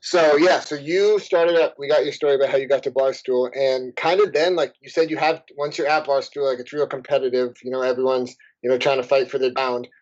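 A man's voice: medium pitch, brisk, hardly any pauses. A man in his twenties hosting a podcast, chatting casually with fillers and restarts. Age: 20s. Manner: relaxed, hesitant, filler-heavy. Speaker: podcast host. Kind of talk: casual chat. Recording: dull lo-fi podcast audio.

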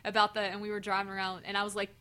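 A woman co-hosting a podcast, chatting casually and telling stories with lively, animated delivery and frequent swearing. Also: medium pitch, very fast. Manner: animated storyteller, swears freely, laughs often. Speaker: podcast co-host. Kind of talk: casual chat.

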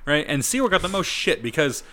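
A man's voice: fairly high pitch, sing-song, brisk, bright, forceful tone. A man in his thirties co-hosting a podcast, making joking, sarcastic asides in casual chat. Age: 30s. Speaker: podcast co-host.

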